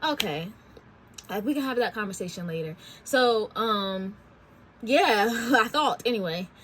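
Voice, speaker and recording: A woman's voice: medium pitch, expressive, measured pace, fairly bright tone, a little hiss or hum. A woman in her twenties hosting a talk show, telling a personal story in a chatty, candid way with slangy asides. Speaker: podcast host. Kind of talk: casual storytelling.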